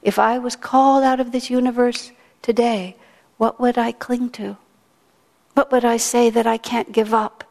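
A woman giving a sermon, telling stories in a gentle, reflective way. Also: on the high side, little pitch movement, moderate pace, creaky. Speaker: spiritual teacher. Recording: long hall reverb.

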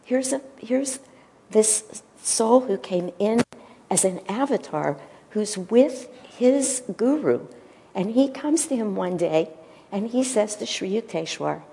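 Woman, devotional talk, gentle storytelling, mellow, long hall reverb. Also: medium pitch, lively intonation, vocal fry. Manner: gentle, storytelling, pauses to search for words. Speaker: spiritual teacher.

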